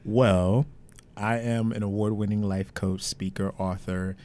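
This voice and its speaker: A man's voice: lowish voice, steady tone, unhurried, warm tone. A man speaking as a life coach guest on a podcast, confident and punchy as he lists what he does. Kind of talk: casual podcast chat.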